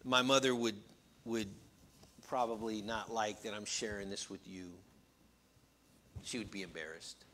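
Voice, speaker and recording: A middle-aged man preaching a sermon as pastor, earnest, shifting between loud emphasis and quiet, confiding storytelling. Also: lowish voice, fairly even intonation, a little slow, long pauses, slight background noise. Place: church.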